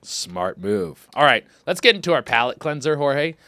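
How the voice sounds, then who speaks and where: A man hosting a comedy podcast, riffing in excitable, profane casual commentary. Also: a little high, moderate pace, vocal fry. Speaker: podcast host.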